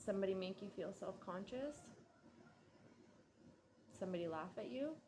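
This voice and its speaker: A woman's voice: medium pitch, lively intonation, dark tone, slight background noise. A woman giving a casual tarot reading, musing and hesitant, drowsy and yawning. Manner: slow, musing, hesitant with many ums and likes. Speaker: tarot reader.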